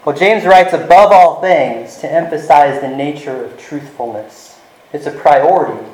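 Man, pastor, sermon, earnest, slows for emphasis, slightly high voice. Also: a little mellow. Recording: echoey room.

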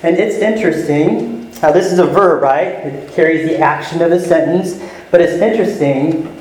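A male pastor preaching an earnest teaching sermon, slowing down to spell out key words. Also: a little high, a little mellow, roomy sound, low-quality recording. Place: church sanctuary.

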